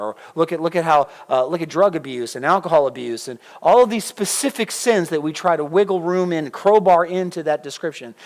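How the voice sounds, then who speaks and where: A middle-aged man preaching a sermon in a church, conversational and animated, putting questions to the congregation. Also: fairly high pitch. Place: church sanctuary.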